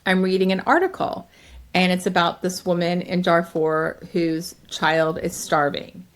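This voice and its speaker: A middle-aged woman, a comedian, telling stories as a guest in an interview, lively and quick to laugh. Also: fairly low pitch. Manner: lively, laughs often, acts out quotes. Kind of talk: storytelling in an interview.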